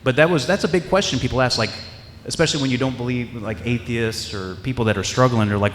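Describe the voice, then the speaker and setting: Conversational preacher in an echoey hall. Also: male voice, mid-range voice, quick pace, a bit bright, a little hiss or hum. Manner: conversational, acts out quoted voices, many restarts. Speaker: pastor. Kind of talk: sermon. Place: church sanctuary. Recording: echoey hall with long reverb.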